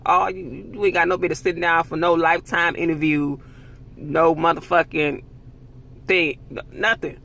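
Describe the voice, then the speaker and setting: Brief: heated man vlogger, raspy and gravelly, slightly high voice, cursing rant. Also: level tone, moderate pace, bright, forceful tone. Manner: angry, profane, emphatic ranting. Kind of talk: heated commentary monologue.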